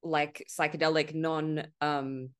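A woman's voice: sits low, flat delivery, takes it slowly, clean tone. A woman hosting a podcast in casual conversation, candid and frank, swearing freely and acting out her past self in quoted asides. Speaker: podcast host.

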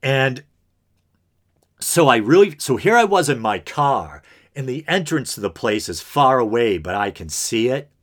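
A man's voice: mid-range voice, big pitch swings, unhurried. A man hosting an unscripted podcast, talking in an earnest, rambling way with lots of fillers and restarts. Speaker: podcast host.

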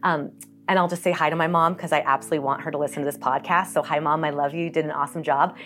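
A woman with a notably low voice talks earnestly as a guest on a podcast interview. She is from Colorado and leads a health organization. Her storytelling is open and personal, with some fillers along the way. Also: fairly even intonation, very fast, fairly bright tone, soft background music. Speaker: nonprofit health organization CEO.

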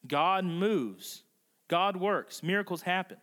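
A male pastor preaching a conversational sermon, slowing down and softening his voice for emphasis. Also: high-pitched. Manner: acts out voices in quotes. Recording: long reverb of a large hall.

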